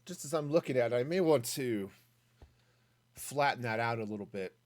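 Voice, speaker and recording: Casual game streamer, mid pitch, very animated intonation, muses aloud and answers chat. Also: moderate pace. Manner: chatty, thinking aloud, reading chat. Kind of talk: casual gaming stream commentary.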